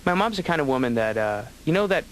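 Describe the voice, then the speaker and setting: A man's voice: fairly high pitch, sing-song, fast, slight background noise, poor audio. Brief: offhand male stand-up, wry and rambling. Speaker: comedian patient. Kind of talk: stand-up monologue.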